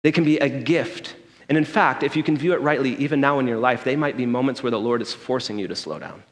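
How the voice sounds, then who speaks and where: A man's voice: medium pitch, fast. Man preaching in a reverberant hall. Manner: conversational, checks in with the room by asking "okay?". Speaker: pastor. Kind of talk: sermon with personal story. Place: church sanctuary.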